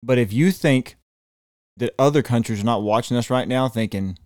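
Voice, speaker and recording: A man's voice: medium pitch, normal speed, darkish tone, clean tone, no echo, studio quality. A man co-hosting a casual podcast, blunt and sarcastic, with frequent swearing. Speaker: podcast co-host.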